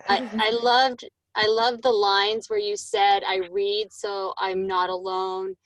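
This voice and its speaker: A woman's voice: mid-range voice, flat delivery, slow, low-quality recording. A woman in an online writing workshop praising another writer over a video call, with slight stumbles. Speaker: workshop participant.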